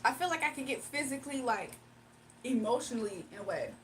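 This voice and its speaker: A woman hosting a casual livestream, talking straight to her viewers and chat, animated and laughing often. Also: fairly high pitch, fast. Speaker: livestream host. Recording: distant mic with faint background noise.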